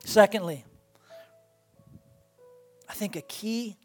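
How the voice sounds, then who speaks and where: A woman's voice: medium pitch, lively intonation, unhurried, long pauses, faint music behind. A woman pastor preaching a sermon to a congregation in a church, earnest and building with rhythmic repetition. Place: church sanctuary before a congregation.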